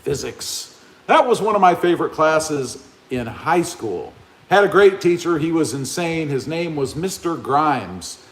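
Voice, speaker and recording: A man's voice: on the high side, animated, unhurried, reverberant. A man hosting a casual livestream from his garage, chatting easily and greeting viewers by name over a phone mic. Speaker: livestream host. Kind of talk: casual live chat reading comments. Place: open garage with a fan running. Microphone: cell phone camera.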